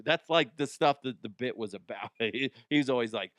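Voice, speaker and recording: A man's voice: medium pitch, normal speed, hardly any pauses, a bit bright, dry recording, studio quality. A man hosting a comedy news show, rambling in a jokey, self-interrupting way. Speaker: podcast host. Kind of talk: casual comedic commentary.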